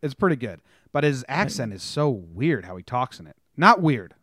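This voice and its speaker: A man's voice: mid-range voice, sing-song, moderate pace, a bit bright, no echo, studio quality. A man co-hosting a podcast, chatting casually about sports and TV, rambling and interrupting himself. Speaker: podcast co-host.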